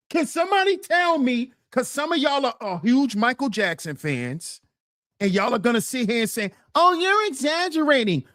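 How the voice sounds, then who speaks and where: A woman hosting a livestream, ranting in a repetitive, mocking and animated way. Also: a little high, no echo, studio quality. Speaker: livestream host. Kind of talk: casual ranting commentary.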